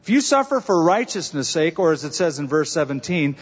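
A man's voice: fairly high pitch, very animated, brisk, husky. A man preaching a sermon as pastor, conversational with humor and emphatic stresses. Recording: dull reverberant sanctuary recording.

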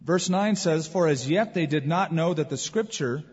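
A man preaching a sermon as pastor, with swings from loud emphasis to quiet, heavy moments. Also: a little high, normal speed, breathy edge. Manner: expressive preaching with wide swings in loudness. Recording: dull lo-fi recording in a reverberant hall.

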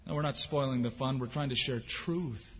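A man's voice: medium pitch, moderate pace, a bit bright, slightly rough. A man preaching a sermon as pastor, earnest and emphatic, with rhetorical questions. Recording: dull lo-fi sound with long hall reverb.

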